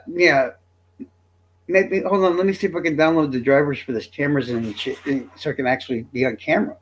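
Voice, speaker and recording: A man's voice: on the high side, gravelly, highs cut off. Profane boastful male streamer. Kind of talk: livestream rant to chat.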